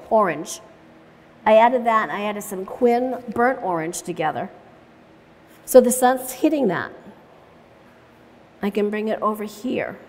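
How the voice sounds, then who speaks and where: A woman's voice: mid-range voice, expressive, unhurried, pauses often, a little mellow. Chatty woman demonstrating painting, reverberant room. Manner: chatty, narrates each step as she paints; laughs easily while telling stories. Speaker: watercolor painting instructor. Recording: long reverb in a large room.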